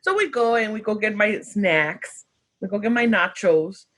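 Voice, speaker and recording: A woman's voice: mid-range voice, animated, moderate pace, fairly bright tone. A woman co-hosting a podcast, telling a story in casual chat and switching between English and Spanish. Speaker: podcast co-host.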